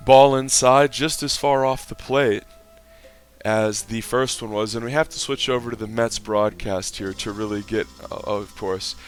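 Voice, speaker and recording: A man doing mock play-by-play commentary over a game clip and ranting in a profane, exasperated way, sometimes breaking into shouts of excitement. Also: medium pitch, unhurried, clean tone, faint music behind. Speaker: online video commentator.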